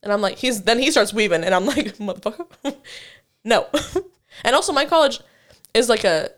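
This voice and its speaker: A woman's voice: a little high, animated, moderate pace, a bit bright. A young woman in her twenties, a podcast co-host telling a story in casual chat, laughing often.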